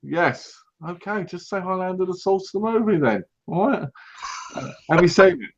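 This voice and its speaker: A British man co-hosting a casual podcast, telling lively anecdotes and acting out what other people said. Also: high-pitched, normal speed. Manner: animated anecdotes, acts out other people's lines. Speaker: podcast co-host. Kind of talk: casual chat, storytelling. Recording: dull lo-fi recording.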